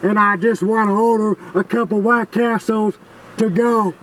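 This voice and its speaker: A man doing a gruff wrestler-style voice while ordering at a drive-thru, heard as a played clip. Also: sits high, steady tone, normal speed, a bit bright, recorded from a distance, poor audio.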